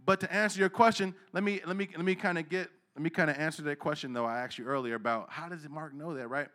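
High bright-voiced preacher, loose and slangy. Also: male voice, quick pace. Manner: casual street slang, asks the crowd questions; swings from low asides to loud emphatic preaching. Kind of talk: sermon.

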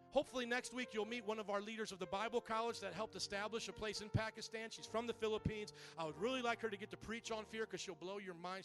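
A male pastor giving an animated sermon in a church, calling for amens from the congregation. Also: sits high. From Italian-American family. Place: church sanctuary.

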